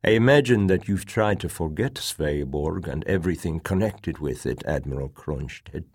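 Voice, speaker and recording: A man's voice: very deep voice, lively intonation, moderate pace, a little mellow, slightly rough, no room sound, clean studio sound, exaggerated voice. A man voicing a tall, hardened male army major who speaks in a cold, sardonic way.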